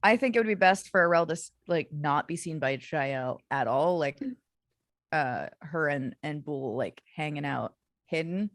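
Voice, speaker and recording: A woman playing in a tabletop game on a live stream, chatty and quick to laugh. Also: low-pitched, lively intonation, no room sound. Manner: chatty, laughs often, trails off. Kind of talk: casual chat on a live stream.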